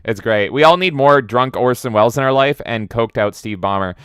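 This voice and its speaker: Excitable swearing male streamer, clear dry voice. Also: medium pitch, brisk, dry recording. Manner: excitable, swears, jumps into loud silly voices. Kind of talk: casual live-stream chat reading viewer comments.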